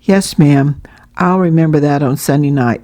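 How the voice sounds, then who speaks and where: A woman's voice: low-pitched, moderate pace, warm tone, natural voice. A woman voicing an eager, talkative little boy who runs his words together.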